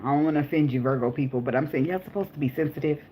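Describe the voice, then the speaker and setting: Young woman doing a tarot reading, kinda low voice, cusses a lot, laughs all the time. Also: very fast, mellow, slight background noise. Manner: blunt, profane and chatty, laughing often. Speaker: tarot reader. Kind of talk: casual live tarot reading.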